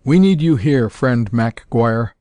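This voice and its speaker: A man's voice: mid-range voice, lively intonation, fairly quick, a little mellow, dry recording, natural voice. Earnest alien ruler read by a male narrator, raised voice, storybook reading, dry. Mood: pleading.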